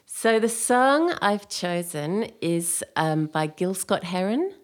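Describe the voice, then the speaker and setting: A woman's voice: mid-range voice, sing-song, slow pace. A woman with an English accent, a guest chatting casually on a radio show and rambling with many fillers. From England. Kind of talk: casual chat.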